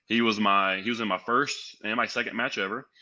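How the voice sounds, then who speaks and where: A young man from Tennessee tells a long story as a podcast guest. His voice is strikingly bright and forward. He plays out each exchange with lively quoted dialogue. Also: lowish voice, brisk, muffled recording. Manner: animated, acts out quoted dialogue. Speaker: guest, pro wrestler and sales executive.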